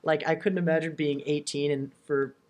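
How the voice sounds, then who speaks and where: A man's voice: on the high side, steady tone, normal speed. A man in his early twenties co-hosting a casual chat, asking questions and chuckling along. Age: 20s.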